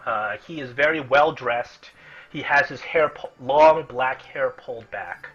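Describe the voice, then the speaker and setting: A man narrating as game master in an easygoing, rambling way, with a husky voice. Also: mid-range voice, unhurried, fairly bright tone, muffled recording. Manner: easygoing, restarts a lot.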